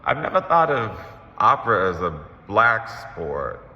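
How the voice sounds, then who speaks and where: A man's voice: on the low side, sing-song, a little slow. A man voicing a blunt, skeptical male friend in a spoken word poem, in an echoey hall with lo-fi sound. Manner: blunt, offhand questioning. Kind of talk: spoken word poetry performance.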